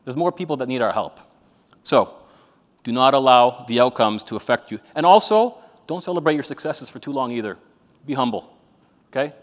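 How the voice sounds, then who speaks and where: A man's voice: medium pitch, animated, fairly quick. Blunt, profane man speaking on stage. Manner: blunt, profane, joking storyteller. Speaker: motivational speaker. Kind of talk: live motivational talk to an audience. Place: event venue with an audience. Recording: reverberant event hall.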